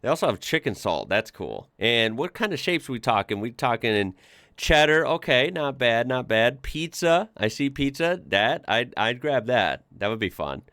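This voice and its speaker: A man's voice: mid-range voice, sing-song, moderate pace, pushed and bright, dry recording, studio quality. A man hosting a casual reaction video, chatting with lots of fillers and laughing often.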